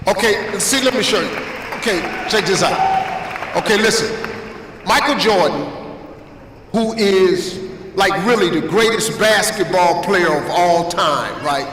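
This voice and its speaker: A man's voice: high-pitched, animated, takes it slowly, pauses often, fairly bright tone, slight background noise. A man giving a motivational talk to students, emphatic and preacherly, repeating phrases for effect. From United States. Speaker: guest speaker. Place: large auditorium. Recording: echoey hall from far off.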